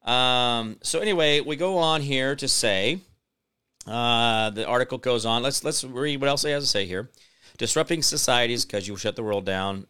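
Man, middle-aged, show host, sarcastic solo commentary, mocking outbursts, crisp bright voice. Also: medium pitch, moderate pace. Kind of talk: solo commentary reading an article.

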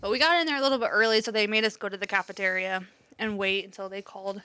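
A woman's voice: mid-range voice, steady tone, quick pace, sharp tone, smooth. A woman in her thirties chatting casually, telling a story animatedly and swearing freely. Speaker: podcast co-host, mother. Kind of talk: casual chat.

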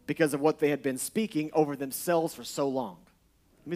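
A man preaching a sermon as pastor, moving between loud, forceful declarations and quiet, hushed storytelling about his family. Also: medium pitch, fairly quick, faint music behind.

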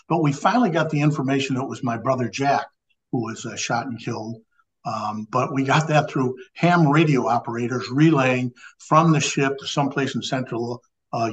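Poor audio captures the mid-range voice of a septuagenarian podcast guest from Illinois who once served in the Navy and in law enforcement. Rambling and frequently restarting, he relates a lengthy anecdote in conversational fashion.

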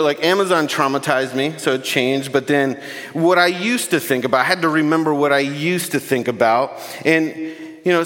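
A man's voice: mid-range voice, a bit bright. A man preaching as a guest speaker, with casual, joking, emotional church talk. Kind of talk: sermon. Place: church sanctuary. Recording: long hall reverb.

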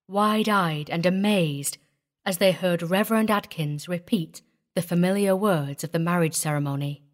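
Woman narrator for a vintage weird tale, measured and even, mid pitch. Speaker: audiobook reader. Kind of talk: scripted story narration.

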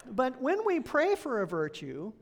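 Lady pastor giving a relaxed sermon in church, chatty, laughs a bit. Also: high-pitched, a little slow. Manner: conversational, laughs often, asks congregation questions. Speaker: associate pastor.

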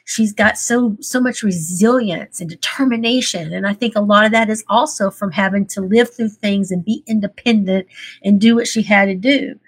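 A woman's voice: mid-range voice, moderate pace, slightly rough. A woman, a guest telling her story in an interview, earnest and emotional, laughing through tears.

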